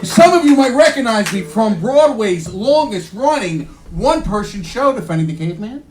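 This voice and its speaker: A man doing a loud, punchy stand-up comedy set on a club stage. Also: high-pitched, big pitch swings, moderate pace, soft background music. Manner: loud, punchy delivery working the crowd. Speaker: stand-up comic. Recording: live club recording with crowd noise.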